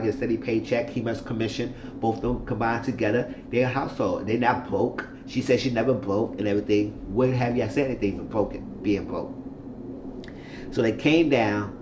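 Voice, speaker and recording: A man giving a casual recap of a reality-show episode. He talks in an animated way and acts out the people he quotes. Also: on the low side, a little fast, roomy sound, highs cut off, background noise. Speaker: YouTube reality-show reviewer.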